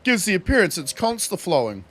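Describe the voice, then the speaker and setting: A man's voice: high-pitched, sing-song, normal speed, a bit bright, faint music behind. A young man casually commenting on his game during a livestream, laughing often and swearing freely. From New Zealand. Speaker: streamer.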